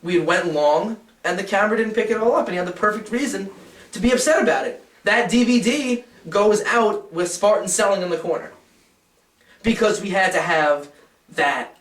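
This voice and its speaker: A man with a slightly high voice gives a candid interview, blunt and profane, acting out the back-and-forth of old arguments. He sits a little away from the mic in an echoey room. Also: moderate pace, fairly bright tone, far from the mic. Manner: blunt and profane, acts out quoted dialogue. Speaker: documentary interviewee, wrestling insider. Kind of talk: candid recollection.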